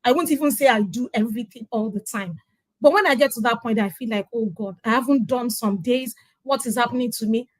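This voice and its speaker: A middle-aged woman with a Nigerian accent speaks as a guest in a conversational interview. Her voice sits a little high, and she tells her story with emphasis, acting out the lines of the people in it. The sound is close and dry, with no room echo. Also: a little fast. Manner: emphatic storyteller who acts out quoted dialogue. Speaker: interview guest sharing her parenting journey. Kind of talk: conversational testimonial.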